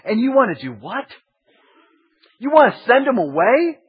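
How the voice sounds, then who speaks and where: A man's voice: extremely high pitch, sing-song, normal speed, husky, voice pushed up, full character voice. A man voicing Jesus as a compassionate figure who urgently challenges his followers with pointed questions. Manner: pressing, incredulous questions. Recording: dull lo-fi sermon recording.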